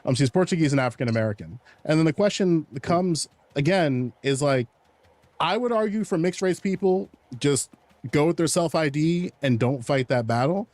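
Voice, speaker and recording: A man on a live-stream panel, arguing in a measured way and qualifying his points. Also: fairly high pitch, expressive, a little mellow, no echo. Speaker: panel guest.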